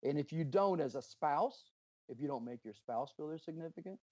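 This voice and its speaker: Telling leadership stories in an interview, a middle-aged business owner uses a fairly high, darkish voice with lively intonation at a moderate pace, recorded without echo. He sounds earnest and emphatic and fills his anecdotes with quoted dialogue.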